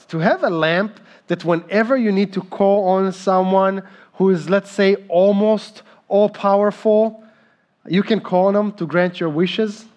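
Male pastor, 30s, slow earnest sermon, slightly high voice. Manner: slow, earnest, emphatic preaching.

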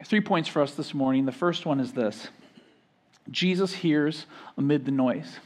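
High-voiced man preaching with swells. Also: a little slow. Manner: emphatic preaching, rising and louder on key phrases, then dropping soft; repeats and restarts words while building a point. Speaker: pastor. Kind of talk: sermon.

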